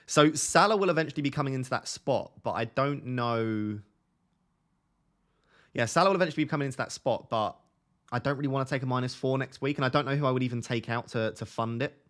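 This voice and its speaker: A man's voice: mid-range voice, fast talker, a bit bright. Young essex guy, easygoing stream host, close desk mic, answers chat off the cuff. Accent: Essex English. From Essex, England. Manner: chatty, reads and answers viewer chat. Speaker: livestream host. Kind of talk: casual live stream chat. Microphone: close desk microphone.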